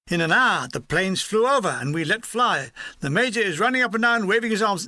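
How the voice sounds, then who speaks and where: A man narrating his own war memoir as an audiobook, with wry, comic deadpan storytelling. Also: high-pitched, a little fast, hardly any pauses, no echo, studio quality. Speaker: author and narrator.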